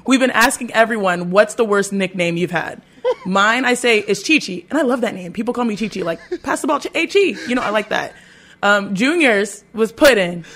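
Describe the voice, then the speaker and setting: A woman co-hosting a sports radio show, chatty and lively, often laughing. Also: medium pitch. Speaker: co-host.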